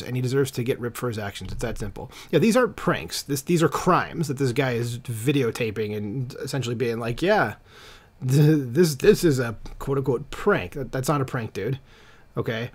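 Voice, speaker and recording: A man hosting a commentary channel, reading an article aloud and breaking in with casual, irritated asides full of fillers. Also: medium pitch. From United States.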